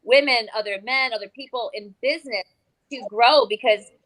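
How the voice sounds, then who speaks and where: A woman's voice: on the high side, normal speed, a bit bright, no room sound, poor audio. A woman in her fifties on a summit panel, speaking earnestly and reflectively about her own growth. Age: 50s.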